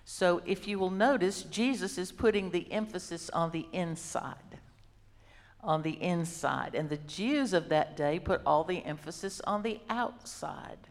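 A woman delivers a sermon at an unhurried, deliberate pace, pressing each point home by repeating it. Her voice sits on the low side, and a long reverb trails her words through the hall. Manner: slow, deliberate, emphatic repetition. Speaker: Bible teacher.

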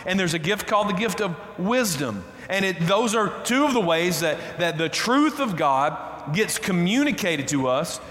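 Emphatic pastor in echoing hall. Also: male voice, high voice, big pitch swings, moderate pace, few pauses, a bit bright. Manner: emphatic, repeats key phrases. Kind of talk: sermon. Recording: reverberant hall, roomy echo.

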